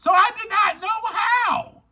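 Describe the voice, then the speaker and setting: In a motivational recovery podcast monologue, the male host addresses his listeners directly and informally, preaching emphatically and repeating lines for stress. His voice is extremely high-pitched and sharp, delivered at a measured pace.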